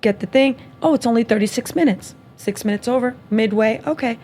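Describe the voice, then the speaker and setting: A woman's voice: fairly high pitch, a little fast, dark tone, slight background noise. A young woman hosting a podcast, casually chatting and telling a story, acting out both sides with frequent laughs. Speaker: podcast host. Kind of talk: casual chat.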